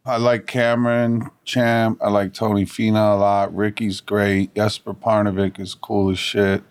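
Deep, flat-voiced podcast man. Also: a little slow, clear, resonant tone. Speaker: podcast co-host. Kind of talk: casual chat.

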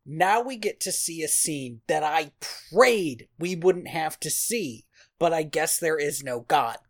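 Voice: mid-range voice, animated, measured pace. Wry sarcastic podcast co-host. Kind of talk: casual chat reviewing a film.

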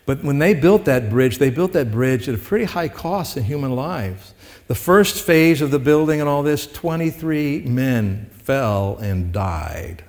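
In a church sanctuary with the congregation present, a pastor preaches a sermon in a medium-pitched, slightly mellow voice, expressive and unhurried. He talks conversationally, then climbs to emphatic peaks, with long hall reverb on the recording.

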